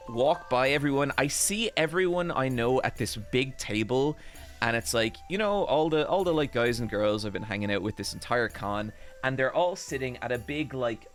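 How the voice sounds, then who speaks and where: An Irish man tells an embarrassing story on his podcast in a loose, chatty way. He is animated and self-mocking, swears freely, and talks at a middling pitch. Soft music plays faintly under his voice. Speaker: podcast host. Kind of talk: casual anecdote storytelling.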